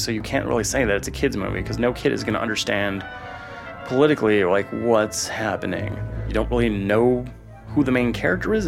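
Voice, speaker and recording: A man's voice: on the low side, creaky. A man delivering a vitriolic, profane rant in a monologue he recorded himself. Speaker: contributor sending a recorded rant.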